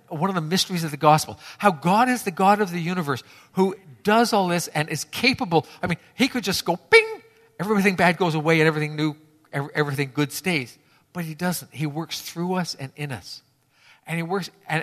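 Emphatic pastor preaching in a reverberant hall. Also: male voice, a little high, a bit bright. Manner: emphatic, repeats key phrases for effect. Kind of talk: sermon.

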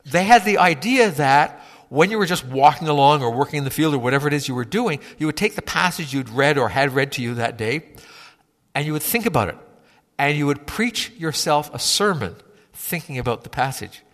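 A man preaching a sermon in a conversational, halting way, often repeating words as he gathers his thoughts. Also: fairly high pitch, animated, fairly bright tone, long reverb tail. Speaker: pastor.

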